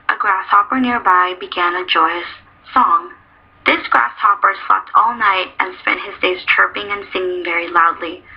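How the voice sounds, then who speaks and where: A woman reads a children's fable as the narrator, steady and even. Her voice is husky and mid-pitched. The recording sounds dull and lo-fi. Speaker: storyteller. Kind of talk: storybook narration.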